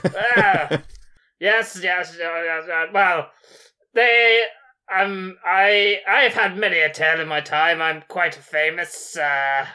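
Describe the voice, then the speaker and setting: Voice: mid-range voice, fairly even intonation, slow pace, sharp tone, clean tone. A tabletop player voicing a pompous male human sorcerer who brags about his deeds. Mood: boastful. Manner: pompous, bragging.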